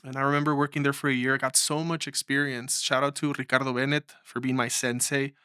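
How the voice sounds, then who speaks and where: A young man from Mexico sits as a filmmaker guest, telling his story in an animated way and slipping into the voices of the people he quotes. His voice is bright and clear, and the recording is close and dry. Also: medium pitch, quick pace, no echo. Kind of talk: storytelling interview.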